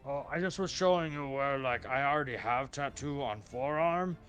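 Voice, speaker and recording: A man's voice: medium pitch, normal speed, a bit bright, soft background music, natural voice. A man voicing an earnest male orc warrior who speaks in broken English, full of hesitant fillers. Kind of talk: tabletop role-play voicing.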